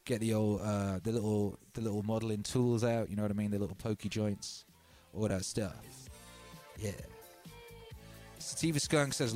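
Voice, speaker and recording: A man's voice: lowish voice, animated, normal speed, a little mellow, soft background music. Laid-back slangy male streamer. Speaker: livestream host. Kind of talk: casual livestream chat.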